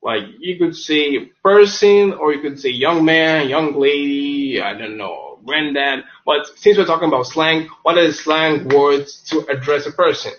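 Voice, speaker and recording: Male tutor, fairly high voice, casual webinar delivery, dull lo-fi sound. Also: a little slow, hardly any pauses, a bit bright. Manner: chatty, loose, self-correcting, says the same word several times over. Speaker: online English teacher. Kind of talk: webinar lesson on slang.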